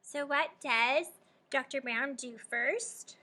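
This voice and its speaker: A young adult woman teacher leading a guided reading lesson for young children, asking questions and warmly praising answers. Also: high-pitched, slow. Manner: encouraging, prompting and praising students.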